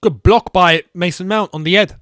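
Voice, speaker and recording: A young man hosting a live football watchalong, reacting excitedly to play and reading viewer comments aloud. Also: high-pitched, normal speed, no echo, studio quality. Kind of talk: live match commentary and chat.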